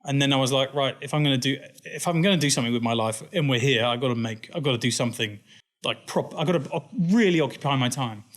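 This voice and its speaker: An English company founder, medium-pitched and fast-talking, chats as an interview guest. He's an animated storyteller who laughs as he acts out the people he quotes, keeping the interview casual.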